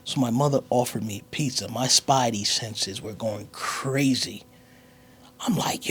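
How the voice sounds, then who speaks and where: A comedian telling a story in an animated, slangy way, sometimes dropping to a whisper. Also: male voice, mid-range voice, a little slow, a little hiss or hum. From United States. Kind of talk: comic storytelling monologue.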